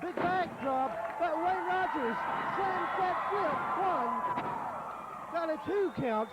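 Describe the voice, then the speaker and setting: A man calling a wrestling match play by play in a folksy, excited way. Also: very high voice, slow pace, over a noisy crowd, very noisy. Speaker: wrestling commentator. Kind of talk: play-by-play commentary.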